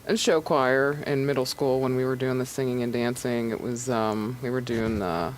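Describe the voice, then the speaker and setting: A woman in her thirties from Pennsylvania, an actress being interviewed in casual chat, relaxed and quick to laugh. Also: rumbling low, a little hiss or hum, poor audio. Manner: relaxed, laughs easily, trails off. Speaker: actress guest.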